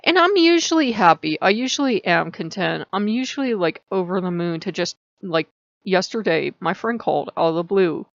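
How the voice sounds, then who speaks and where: A middle-aged woman chatting casually in a rambling vlog, her pitch often jumping up mid-sentence. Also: animated, moderate pace, gravelly, no room sound, highs cut off. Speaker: vlogger. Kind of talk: casual spiritual vlog chat.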